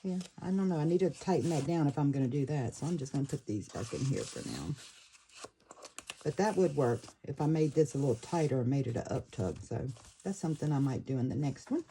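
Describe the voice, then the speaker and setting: A woman casually talking through a handmade journal, thinking aloud and pausing to fiddle with the pieces. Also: deep voice, lively intonation, dark tone, slight background noise, poor audio. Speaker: paper craft creator. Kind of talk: casual craft flip-through.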